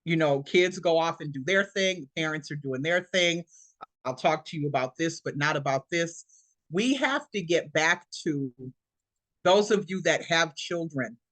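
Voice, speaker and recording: A woman's voice: deep voice, a little slow, a bit bright, no room sound. A woman around sixty giving a motivational talk over a video call as presenter, emphatic and preacherly, repeating her points.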